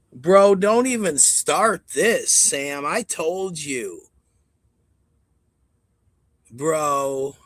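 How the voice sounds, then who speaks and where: A man's voice: on the high side, breathy edge, no room sound. A man hosting a live stream in a casual, profane and mocking way, rambling to his audience. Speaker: stream host.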